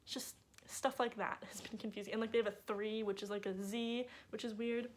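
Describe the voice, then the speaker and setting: A woman's voice: on the high side, flat delivery, fairly quick, slight background noise. A young woman, a native English speaker, chatting casually to camera in a bubbly vlog with lots of filler words. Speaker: vlogger.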